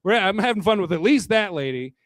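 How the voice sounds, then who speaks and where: A man's voice: high-pitched, lively intonation, fairly quick, a bit bright. A man doing a stand-up comedy set at a bar into a handheld microphone, crude and rambling, a bit tipsy, chuckling at his own jokes. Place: bar hosting a live comedy night.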